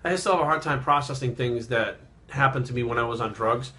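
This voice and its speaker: Guy in his 30s telling a story on his vlog, halting and rambly, swears a lot, kinda subdued. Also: medium pitch, sharp tone. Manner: subdued and reflective. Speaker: fitness vlogger.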